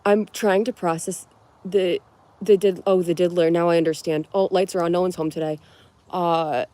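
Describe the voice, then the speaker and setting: A woman's voice: fairly low pitch, steady tone, moderate pace, warm tone, dry recording. A young woman from Connecticut hosting a casual livestream, chatting and giggling as she answers viewers' comments. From Connecticut, USA. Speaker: livestream host.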